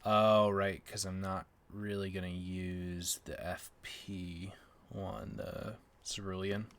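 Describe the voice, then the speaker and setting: A man's voice: low-pitched, little pitch movement, takes it slowly, creaky, fairly bright tone, a little hiss or hum. A man streaming a game for the first time, thinking aloud in a casual, unsure way as he works through menus. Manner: thinking aloud, unsure, mumbling menu names. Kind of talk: casual gameplay chat.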